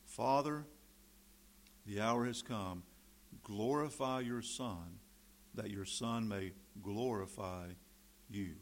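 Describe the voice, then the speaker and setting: A man preaching a sermon, reading scripture and switching between emphatic, loud passages and quiet, folksy asides. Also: fairly low pitch, takes it slowly, long pauses, a little hiss or hum.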